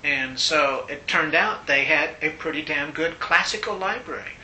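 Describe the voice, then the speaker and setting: An older man being interviewed, telling stories in a casual, animated way and laughing often. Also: moderate pace. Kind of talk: casual storytelling. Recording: roomy echo, faint rumble.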